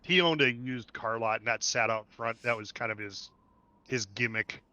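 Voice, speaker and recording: Talkative guy hosting a game stream, sharp bright voice, dull dry sound. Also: medium pitch, moderate pace. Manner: chatty, laughs often, repeats himself. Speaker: stream host. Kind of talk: casual chat while gaming.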